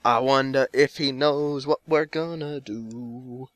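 A man's voice: mid-range voice, steady tone, slow, a bit bright. A man casually commenting on gameplay, jokey and rambling with lots of swearing. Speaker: let's play host.

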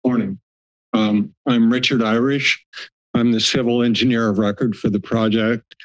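A civil engineer introducing himself at a county board meeting in a measured, matter-of-fact way. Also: male voice, mid-range voice, fairly even intonation, low-quality recording. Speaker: civil engineer at public comment.

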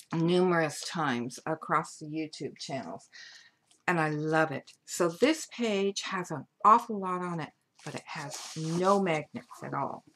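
A woman's voice: low voice, a bit bright. Chatty woman gushing over crafts. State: hiccups. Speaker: paper craft designer. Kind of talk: craft show-and-tell tutorial.

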